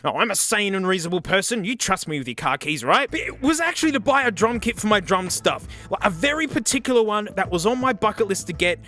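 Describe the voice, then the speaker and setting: A man from South Australia with an Australian accent, narrating a comedic thrift-store vlog in an excitable, joking way. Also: sits high, fast talker, hardly any pauses, dry recording, faint music behind. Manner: excitable, joking, peppered with "mate". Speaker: vlogger.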